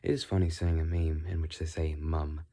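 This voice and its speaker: A man musing aloud in a put-on British accent, calm and inquisitive, talking with a dry mouth in a rambling solo monologue. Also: a bass voice, moderate pace. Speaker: video creator.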